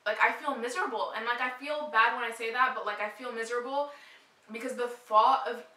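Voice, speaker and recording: A woman's voice: fairly high pitch, fairly even intonation, a little fast, bright, forceful tone. A young woman in her twenties, pregnant and suffering morning sickness, chatting casually to camera in a rambling way full of fillers. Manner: rambling, filler-heavy "like" talk. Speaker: vlogger. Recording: roomy echo, mic at a distance.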